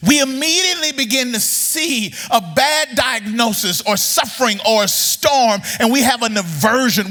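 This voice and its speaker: A man preaching a sermon in a church, animated, repeating words as he builds up and throwing questions at the audience. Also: fairly high pitch, long reverb tail. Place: church sanctuary.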